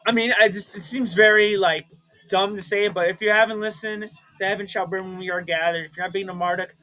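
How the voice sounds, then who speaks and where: Vlog host, young man, high-pitched, hyped and swearing, faint music behind. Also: fast talker, poor audio. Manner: excitable and profane, with bursts of shouting. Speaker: vlogger showing his record collection. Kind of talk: casual chat.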